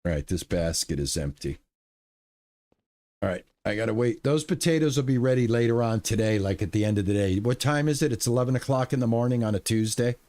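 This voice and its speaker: A man's voice: medium pitch, a little fast, warm tone. A man streaming a video game, talking through his play in a rambling, playful way with goofy exclamations. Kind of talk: casual gameplay commentary.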